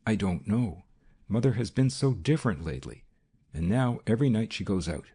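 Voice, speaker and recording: A man with a gravelly voice voicing an anxious, distraught young woman who pleads in a hoarse whisper. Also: on the low side, lively intonation, moderate pace, warm tone. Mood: anxious pleading.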